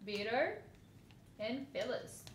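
Woman, relaxed unboxing chatter, bright lilt, slightly higher voice, roomy echo. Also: slow pace. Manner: chatty, giggly, squeals over cute cards. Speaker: vlogger. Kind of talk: casual unboxing commentary. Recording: echoey room, faint noise.

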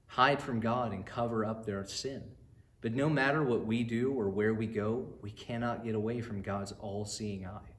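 Speaking at a moderate pace in a lowish voice, a church man narrates a bedtime Bible story and earnestly preaches its lesson, talking straight to the children. The recording carries a roomy echo.

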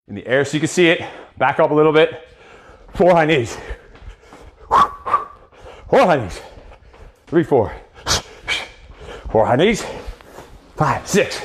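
A man's voice: fairly high pitch, big pitch swings, a little slow, pauses often, slight background noise. A man coaching a live boxing cardio workout, counting reps and giving profane pep talks.

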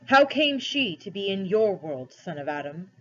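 A woman voicing a majestic male lion, speaking slowly and solemnly in a dull lo-fi recording. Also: medium pitch, big pitch swings. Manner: slow, solemn, measured delivery.

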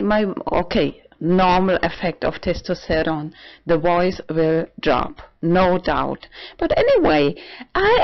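A trans man in his forties talking casually in a vlog. He is halting and often breaks into laughter. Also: high-pitched, gravelly, highs cut off. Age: 40s. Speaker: vlogger.

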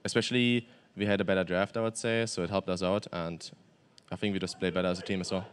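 Young German man, smooth low voice. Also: steady tone. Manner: quick, matter-of-fact answers with many fillers and restarts. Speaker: pro esports player, interview guest. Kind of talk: post-game interview.

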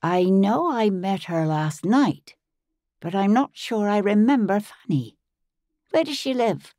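A woman's voice: mid-range voice, animated, measured pace, darkish tone, dry recording, clean studio sound, pitched above the performer's own voice, close to an everyday voice. A woman voicing a curious, sympathetic grown daughter in an audiobook, speaking in a tentative, inquisitive way. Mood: puzzled. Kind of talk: audiobook character voice.

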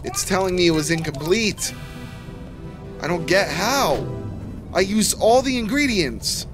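A young man streaming a horror cooking game live, grumbling and swearing constantly, with sudden bursts of shouting. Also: high-pitched, lively intonation, a little slow, music in the background. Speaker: gaming streamer. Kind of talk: live gameplay commentary.

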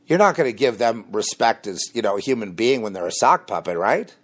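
A man hosting a rambling, combative monologue, dropping low and quiet when he confides. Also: very animated, brisk. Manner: rambling and combative, mocking laughs. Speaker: host. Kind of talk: spoken monologue on religion and conspiracy.

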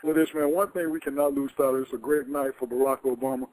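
A man's voice: medium pitch, steady tone, fast, a little mellow, poor audio. A man on talk radio reading out results, earnest and declarative.

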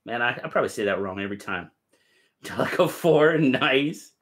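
A man's voice: medium pitch, animated, normal speed, a bit bright. A man hosting a casual live stream, cheerfully greeting viewers by name and chatting about their gear.

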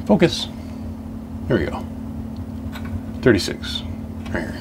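A man's voice: lowish voice, expressive, moderate pace, background noise. A man chatting to camera in his home workshop, telling a long rambling story in a casual, salty way. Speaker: radio repair vlogger.

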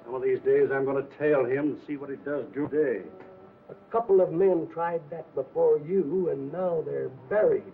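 Tough old-movie crook, slangy, highish lively voice, phone-thin hissy sound. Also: male voice, normal speed, creaky. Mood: uneasy. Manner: streetwise slang. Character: tough-talking male crook, middle-aged. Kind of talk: 1940s film acting. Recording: tinny old film soundtrack with hiss.

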